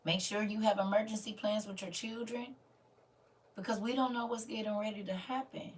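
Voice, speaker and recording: A woman's voice: mid-range voice, fairly even intonation, moderate pace, distant mic, a little hiss or hum. Earnest woman livestreaming, a bit off-mic. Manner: earnest, preachy, addresses listeners as family. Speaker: livestream host. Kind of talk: casual livestream talk to viewers.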